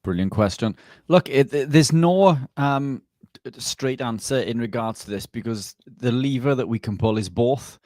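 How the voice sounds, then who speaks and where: A man's voice: medium pitch, lively intonation, normal speed, darkish tone, dry recording. A man working as a nutritionist, answering viewer questions directly and explaining his advice on a live stream. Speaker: nutritionist guest co-host.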